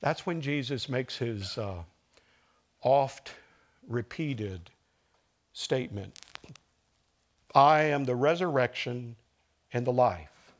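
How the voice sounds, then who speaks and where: A man's voice: mid-range voice, expressive, slow, pauses often, highs cut off. A man preaching a conversational sermon as a pastor, acting out the lines he quotes.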